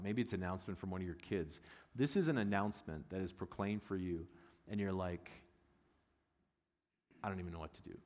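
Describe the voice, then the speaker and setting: A middle-aged male pastor with a fairly low voice preaches in a casual, joking way and now and then breaks into loud, excited bursts. His voice rings with the long reverb of a large church hall. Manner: conversational and humorous, rising to loud excited bursts. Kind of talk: sermon.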